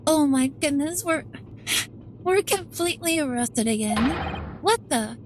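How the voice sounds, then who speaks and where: A woman streaming a game, chatting casually in an excitable, rambling way full of fillers. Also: high voice, measured pace, pauses often.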